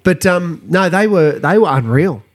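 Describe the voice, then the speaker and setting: Swearing Australian bloke talking footy. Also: male voice, high voice, animated, normal speed. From Queensland, Australia. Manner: blunt, swears a lot, laughs often. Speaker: podcast co-host. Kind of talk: casual pub chat.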